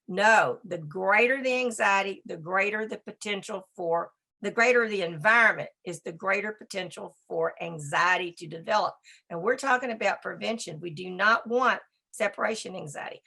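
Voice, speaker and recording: A woman giving a presentation on dog behavior, talking in a brisk, emphatic and conversational way. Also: mid-range voice, creaky, sharp tone. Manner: talks to a slide assistant. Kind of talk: presentation lecture.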